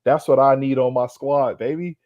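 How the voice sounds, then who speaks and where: A man's voice: mid-range voice, steady tone, moderate pace, no echo, muffled recording. A man co-hosting a sports podcast, ranting in a fired-up, profane way, full of streetwise slang and repeated lines for emphasis. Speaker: podcast co-host. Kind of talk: heated sports roast rant.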